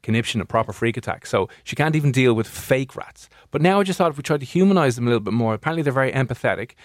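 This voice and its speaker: A man hosts an evening radio show from a studio, bantering playfully and with a teasing streak. His voice sits at an everyday middle pitch. The sound is close and dry. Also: expressive, racing, dry recording. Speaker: radio host. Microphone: studio microphone.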